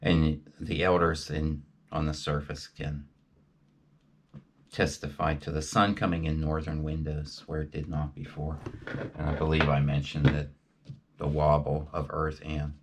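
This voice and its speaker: A man talking in a rambling, halting monologue with many fillers and restarts. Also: extremely low pitch, level tone, slight background noise. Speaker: video host.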